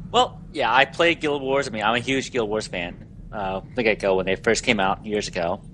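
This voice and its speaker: A man chatting on a gaming podcast, hesitant and halting as he talks. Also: lowish voice, sharp tone, a little hiss or hum. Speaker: podcast guest. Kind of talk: casual chat.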